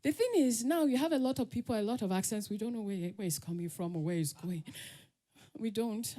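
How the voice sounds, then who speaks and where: A middle-aged Nigerian woman with a Nigerian English accent, giving a lively storytelling talk as a conference speaker. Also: on the high side, brisk. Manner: lively, laughs often, acts out quotes.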